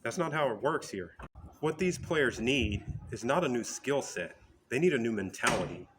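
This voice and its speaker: A man's voice: medium pitch, expressive, moderate pace, background noise. A man giving a motivational talk in an emphatic, direct, storytelling way.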